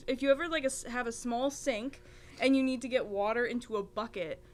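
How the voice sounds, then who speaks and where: A young woman chatting casually on a podcast, quick to react and laugh. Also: fairly high pitch. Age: young adult. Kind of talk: casual chat.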